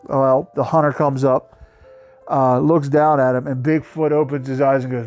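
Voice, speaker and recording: A man's voice: medium pitch, a little slow, darkish tone, no room sound. A man hosting his own channel, giving a casual, profane, mocking review of a bad movie. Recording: faint music behind the voice.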